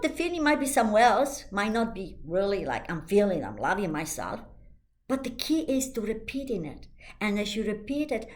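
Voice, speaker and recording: A woman life coach giving a motivational talk, slow and emphatic, soothing and repetitive, with slightly non-native English phrasing. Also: mid-range voice.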